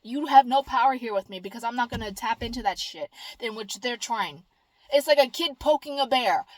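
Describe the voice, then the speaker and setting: A woman's voice: fairly high pitch, brisk, dry recording. A woman talking casually to her camera, rambling and blunt, swearing freely and mimicking whiny voices. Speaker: vlogger.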